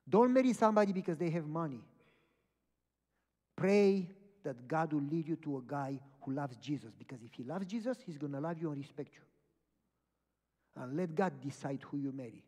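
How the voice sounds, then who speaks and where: Guy preaching, bit high voice, piles up repeated lines, long echo tail. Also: expressive, moderate pace, long pauses, darkish tone. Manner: emphatic storytelling, repeats phrases in lists. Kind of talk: sermon with a retold story. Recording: long hall reverb.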